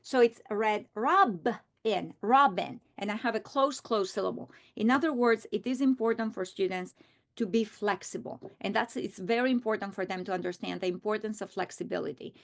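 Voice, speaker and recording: A middle-aged woman teacher modeling a reading strategy aloud, slow and deliberate, repeating words for emphasis. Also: medium pitch, gravelly.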